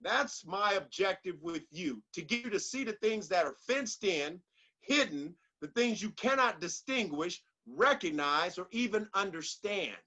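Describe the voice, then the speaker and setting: A man's voice: sits high, animated, measured pace, pushed and bright, poor audio. A man giving a motivational speech in an emphatic, repetitive, preacher-like delivery. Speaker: motivational speaker.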